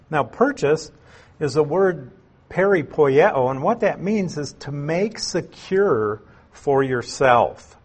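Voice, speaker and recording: Slow, husky-voiced man teaching scripture. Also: mid-range voice. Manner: unhurried, explains terms and repeats key phrases. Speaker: Bible teacher. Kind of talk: expository Bible teaching.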